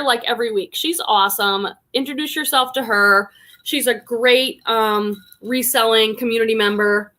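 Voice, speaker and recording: Reading her chat aloud, a woman from Boston greets viewers one after another during a casual, warm live stream. Her voice sits high, and she works as a live stream host and online reseller.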